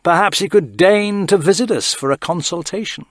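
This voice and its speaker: A man's voice: sits high, moderate pace, no room sound, clean studio sound, pitched above the performer's own voice, lightly acted. A man voicing a bitter, breaking-down male crew member in an audio story, angry and snarling.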